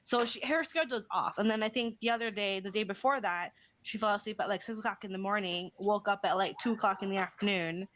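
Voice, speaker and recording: A woman's voice: medium pitch, fast talker, a bit bright, a little hiss or hum. A young adult woman hosting a casual live stream chat, talking in a rambling way with many restarts.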